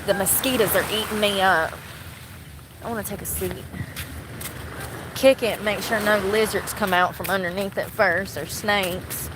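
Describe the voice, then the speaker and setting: A young vlogger from North Carolina speaks into her phone camera in an unhurried, medium-pitched voice, pausing often. She's chatty and rambling, laughs a good deal, and the outdoor recording picks up boat and water sounds.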